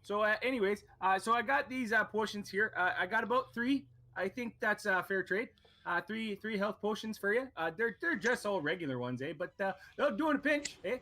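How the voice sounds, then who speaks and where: A man's voice: sits high, animated, fairly quick, sharp tone, pitched above the performer's own voice, full character voice. A man voicing a chatty, friendly male shopkeeper who rambles and keeps tagging his lines with "eh". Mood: folksy. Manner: folksy, rambling, tags lines with "eh".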